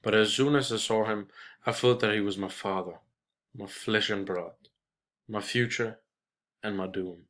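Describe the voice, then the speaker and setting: Man reading a short story, bright voice. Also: fairly low pitch, steady tone. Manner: measured, with small restarts. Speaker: reader.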